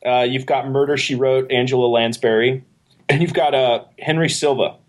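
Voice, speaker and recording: A man's voice: mid-range voice, steady tone, moderate pace. A man hosting a casual film podcast, introducing the film with frequent hesitations. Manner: hesitant, many filler uhs. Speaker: podcast host.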